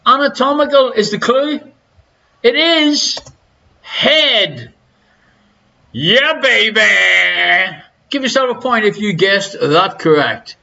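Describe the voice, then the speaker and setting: With an extremely high pitch, lively intonation, and a slow, bright, forceful delivery, an Irish man reads quiz questions on a recording with the highs cut off. He hosts the live stream from his living room, full of teasing, crude asides.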